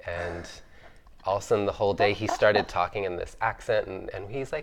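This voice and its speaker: Low gravelly man recalling his youth. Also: fairly quick, crowd noise. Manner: thoughtful, many fillers, laughs easily. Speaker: artist on a roundtable panel. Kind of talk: reflective conversational storytelling.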